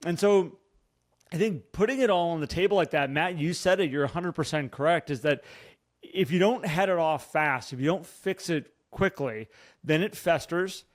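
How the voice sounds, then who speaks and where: Male podcast co-host, real estate coach, earnest and animated, slightly higher voice. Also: moderate pace. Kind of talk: casual podcast chat.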